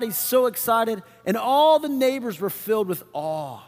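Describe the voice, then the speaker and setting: Guy preaching, pretty high voice, chatty and animated, big hall reverb. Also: normal speed, few pauses, faint music behind. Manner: conversational, animated, acts out quoted figures. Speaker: pastor. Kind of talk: sermon.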